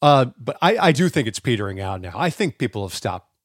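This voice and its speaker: A man's voice: mid-range voice, sing-song, fast talker, no room sound, clean studio sound. A man co-hosting a podcast, talking loosely and thinking aloud with many fillers. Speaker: podcast co-host. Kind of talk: casual podcast banter.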